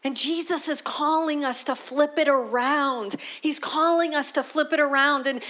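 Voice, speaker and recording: A woman pastor preaches a conversational sermon, frequently restarting her sentences. Her voice is high-pitched with a fairly bright tone.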